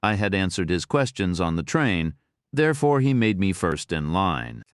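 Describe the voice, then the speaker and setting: A man with a very low voice narrates a first-person thriller audiobook in a steady, matter-of-fact manner at a moderate pace. The recording is close and dry, with no room sound.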